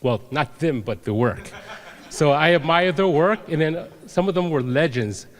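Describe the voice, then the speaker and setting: A man giving a humble, halting acceptance speech on a convention stage, earnestly thanking voters and fellow nominees. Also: a little high, animated. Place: large convention hall stage. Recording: long hall reverb.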